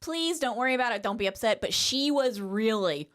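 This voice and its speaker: A woman on a family podcast telling a story in long run-on sentences without pausing for breath. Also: on the high side, expressive, fairly bright tone. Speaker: co-host. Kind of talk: casual family chat.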